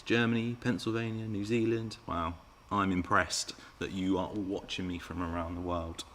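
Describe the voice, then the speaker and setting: Chatty and playful, an RC car channel host teases viewers and reads out their comments during a live Q&A stream. He has a fairly low, slightly bright voice, and a little hiss or hum sits under the recording.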